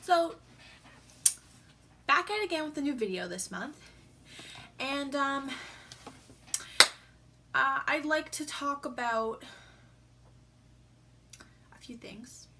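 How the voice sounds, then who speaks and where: A woman's voice: high voice, lively intonation, takes it slowly, pauses often, noisy background. A teenage girl talking casually on her vlog, rambling with lots of fillers and sounding teary after crying. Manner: rambling, filler-heavy storytelling. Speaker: vlogger.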